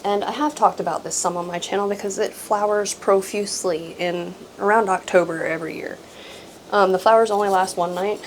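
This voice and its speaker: A woman's voice: mid-range voice, steady tone, a little fast, slight background noise, low-quality recording. A woman hosting a casual houseplant vlog, chatty and self-deprecating, laughing often and trailing off with ums. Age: adult with grown daughter. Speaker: houseplant channel host. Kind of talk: casual show-and-tell vlog.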